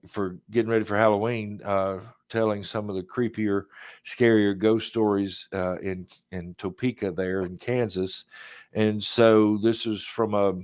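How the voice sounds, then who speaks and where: A man's voice: lowish voice, no room sound, studio quality. A man in his fifties with a Southern US accent, hosting a podcast in a rambling, laid-back way and chuckling often. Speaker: podcast host. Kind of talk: casual chat.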